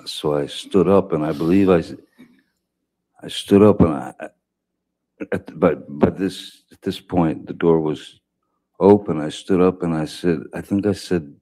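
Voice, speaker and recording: A man giving courtroom testimony as a witness, speaking haltingly with many restarts and fillers. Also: deep voice, mellow. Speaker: trial witness.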